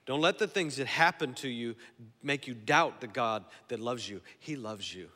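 A man preaching a sermon in a church, moving between quiet, slow passages and loud, emphatic declarations. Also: mid-range voice, animated. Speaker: pastor. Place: church sanctuary. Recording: long hall reverb.

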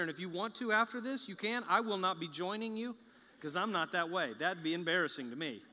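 A man preaching a sermon as a pastor to a large church congregation, talking conversationally and with humor, and building to bursts of excitement. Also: high voice. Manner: conversational and joking, with rising excitement. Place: large church sanctuary with a balcony. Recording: echoey large church hall.

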